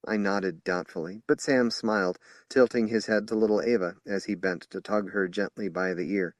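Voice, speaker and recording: A man reading a horror novel aloud as an audiobook narrator in measured storytelling. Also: low voice, steady tone, no room sound, studio quality. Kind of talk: scripted narration.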